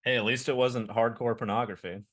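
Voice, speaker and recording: A male comedian co-hosting a podcast, bantering in a sarcastic, deadpan way. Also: medium pitch, brisk. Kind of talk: casual chat.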